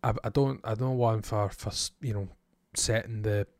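Hesitant man, low voice. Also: fairly even intonation, normal speed, darkish tone, no echo, clean studio sound. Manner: hesitant, restarts often, swears casually. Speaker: podcast co-host. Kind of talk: casual review chat.

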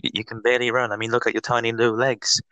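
A man's voice: mid-range voice, monotone, very fast, sharp tone, no room sound, lightly acted. A man voicing a cocky male sausage dog in a told story, laid-back and slangy.

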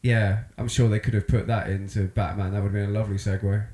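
A man co-hosting a podcast, rambling in casual chat and slipping into loud impressions. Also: lowish voice, fast, echoey room. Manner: rambling, animated, breaks into shouted impressions. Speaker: podcast co-host.

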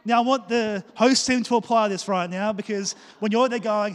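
A male pastor, preaching a lively sermon and joking as he acts out little scenes for the congregation. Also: sits high, normal speed. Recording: reverberant church hall.

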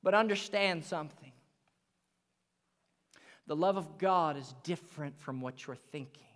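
High-voiced pastor preaching slowly, hall reverb. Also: male voice, fairly bright tone. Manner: earnest preaching, rises and drops to near whisper. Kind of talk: sermon. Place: church sanctuary.

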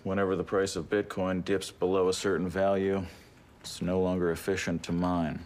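An actor playing a deadpan, sardonic male programmer in a TV comedy. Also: low voice, normal speed, a little hiss or hum, lightly acted. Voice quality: deadpan, flat.

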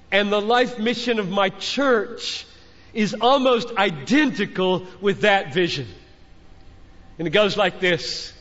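Older male preacher, high-pitched and unhurried, fervent and exhorting, captured with a dull, echoing hall sound. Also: fairly bright tone. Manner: fervent, exhorting, repeating phrases with rising intensity. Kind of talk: sermon to a youth conference crowd. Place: large conference hall.

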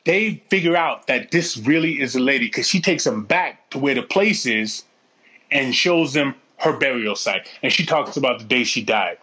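A man's voice: mid-range voice, animated, moderate pace, sharp tone. A man telling a story in casual chat, slangy and profane, acting out what people said. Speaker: storyteller in a conversation.

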